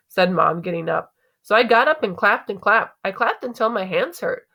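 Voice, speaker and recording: A woman's voice: mid-range voice, normal speed, creaky. Woman reading a novel aloud to a class. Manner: expressive, conversational storytelling.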